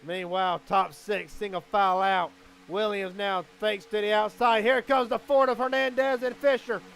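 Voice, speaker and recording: A man calling a live sim race as commentator, excitable and quickening with the action. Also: high voice, vocal fry.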